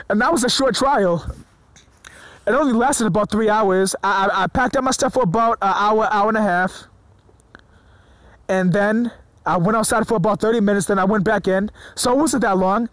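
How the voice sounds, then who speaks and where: Man, high-pitched voice, excited informal preaching, stumbling and stuttering, dry close sound. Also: no room sound, rough recording. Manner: excited, stumbling over words, swears freely. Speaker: religious video preacher. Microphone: phone or screen recorder mic.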